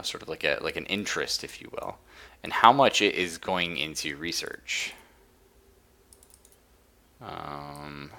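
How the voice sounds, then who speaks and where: This live gameplay commentary comes from a man with a very deep, creaky voice that is still bright and forceful. He's streaming a strategy game and eagerly explains how it works in a relaxed, chatty way.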